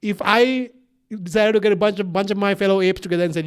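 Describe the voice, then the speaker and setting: A man's voice: high-pitched, quick pace, clean tone. A young man with a mixed accent chatting as a podcast co-host, rambling and swearing, with lots of restarts. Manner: rambling, profane, animated, many restarts. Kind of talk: casual chat.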